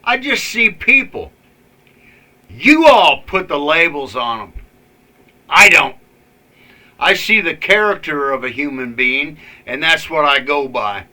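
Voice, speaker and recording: A man's voice: on the high side, expressive, slow, long pauses, sharp tone. A man ranting angrily in a rambling, profane vlog with many fillers. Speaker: vlogger. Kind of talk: ranting political commentary.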